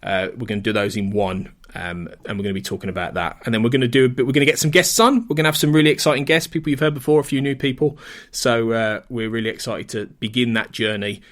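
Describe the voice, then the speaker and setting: A man's voice: medium pitch, fairly even intonation, fast, a bit bright. Chatty enthusiastic male podcast host. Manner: chatty, enthusiastic, restarts often. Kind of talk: casual podcast chat.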